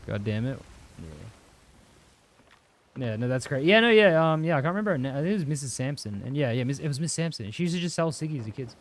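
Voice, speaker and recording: A man's voice: mid-range voice, lively intonation, fast talker, slight background noise. A young Australian man chatting casually and rambling while he streams a game, swearing freely and answering chat. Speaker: livestreamer.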